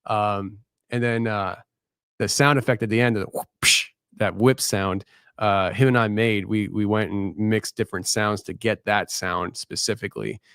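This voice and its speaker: A tired man signs off a late-night live show. He rambles and stops to restart his thoughts. His voice is low and smooth, and the sound is close and dry. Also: steady tone, a bit bright, no echo. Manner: rambling, halting, candid. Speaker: podcast host.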